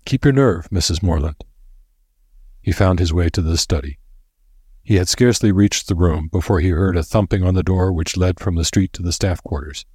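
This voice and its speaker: Low husky male storyteller. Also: fairly even intonation, a little fast, darkish tone, dry recording, studio quality. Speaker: narrator. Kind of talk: audiobook narration.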